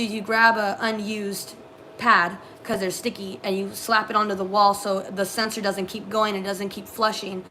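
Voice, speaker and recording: A young woman co-hosting a casual live stream, telling animated work stories with many fillers. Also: mid-range voice, slight background noise. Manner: animated storyteller, lots of fillers. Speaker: co-host, former theme park custodian.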